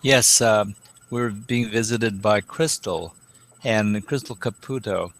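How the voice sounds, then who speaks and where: A man hosts a live stream and answers the comments his viewers send in. His delivery is earnest but halting, full of pauses and small fillers. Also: lowish voice, fairly even intonation, fairly bright tone, slight background noise. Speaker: host reading viewer comments.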